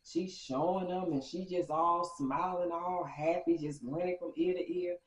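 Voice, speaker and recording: A woman's voice: lowish voice, fairly even intonation, normal speed, slight background noise, natural voice. A woman voicing her gossipy teenage girlfriend, who insists and drags out her emphasis. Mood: urgent gossip. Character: gossipy teenage girl friend, eager to spill news. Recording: roomy, dull lo-fi sound.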